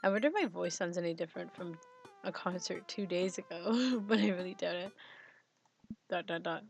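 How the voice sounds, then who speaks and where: A woman's voice: lowish voice, moderate pace, vocal fry, soft background music. A young woman streaming a dating game, chatting and giggling while reading the game text aloud on a headset mic. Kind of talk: let's-play commentary. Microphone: headphones and mic.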